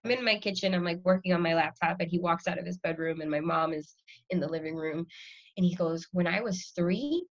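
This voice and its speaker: A woman in her thirties, a guest in a casual conversation, telling stories with laughter and lively quoted voices. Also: lowish voice, quick pace, highs cut off.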